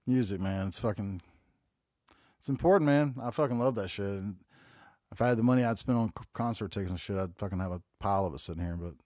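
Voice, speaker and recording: A man's voice: on the low side, fast talker, a little mellow, dry recording, clean studio sound. A man in his forties with a Southern accent from North Carolina, rambling casually and profanely as he hosts a solo podcast. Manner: rambling, profane, laid-back storytelling. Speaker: podcast host.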